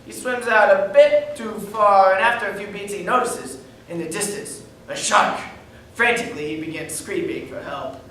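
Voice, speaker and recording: A man's voice: sits high, moderate pace, bright, forceful tone, a little hiss or hum. An actor playing a brash, crude young male stand-up comedian, firing off wisecracks on stage. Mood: cocky, joking. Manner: wisecracking, crude joke delivery. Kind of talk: stage acting in a reading. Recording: echoey room from far off.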